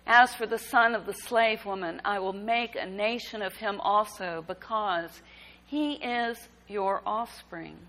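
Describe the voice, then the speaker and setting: Slow, deliberate woman preaching. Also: medium pitch, fairly bright tone, low-quality recording. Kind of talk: sermon.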